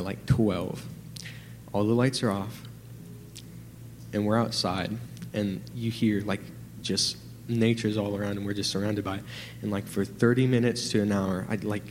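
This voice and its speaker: A man's voice: lowish voice, moderate pace, long reverb tail, a little hiss or hum. Nervous young man telling a testimony. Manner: excited, rambling with many fillers. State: nervous, trembling. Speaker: testimony giver. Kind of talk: personal testimony in church.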